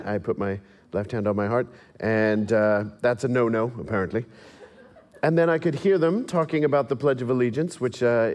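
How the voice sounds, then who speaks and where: A man with a mixed English and American accent, giving a talk with slides, self-deprecating and wry, laughing now and then as he tells stories. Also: medium pitch. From England. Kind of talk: presentation to an audience with slides.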